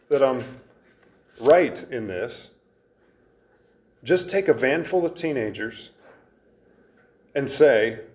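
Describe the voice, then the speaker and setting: A man preaching an expository sermon in an earnest, emphatic way, with frequent restarts as he explains the verses. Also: mid-range voice.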